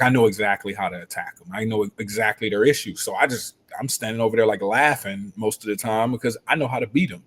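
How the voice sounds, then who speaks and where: A man hosting a live stream as a football coach, telling stories in an animated, rambling way and laughing often. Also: lowish voice. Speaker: football coach and show host. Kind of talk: casual live-stream talk.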